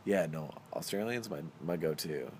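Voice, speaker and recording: A man's voice: deep voice, lively intonation, moderate pace, darkish tone, slight background noise. A young man hosting a casual podcast chat, playful and laughing often. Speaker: podcast host.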